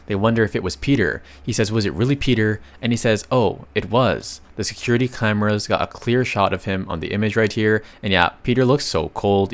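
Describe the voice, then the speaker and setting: A man casually narrating a comic recap, reading the characters' lines aloud and adding offhand asides. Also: lowish voice. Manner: chatty, reads dialogue aloud with asides.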